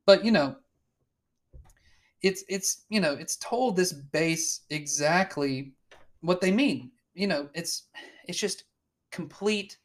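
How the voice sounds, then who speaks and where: A man's voice: high-pitched, slow pace, long pauses. A man co-hosting a casual political chat, blunt and swearing often, with lots of fillers and restarts. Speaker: podcast co-host.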